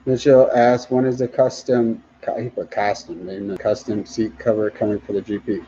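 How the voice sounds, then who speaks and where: A man hosting a casual livestream, reading viewer comments aloud in a relaxed way, often laughing and trailing off mid-sentence. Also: lowish voice, normal speed, breathy edge, dull audio.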